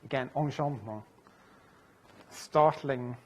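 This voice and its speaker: A man's voice: medium pitch, slow, darkish tone, slightly rough. A man giving a recorded lecture, thinking aloud as he goes, with frequent fillers and self-corrections. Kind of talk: recorded lecture walking through translations.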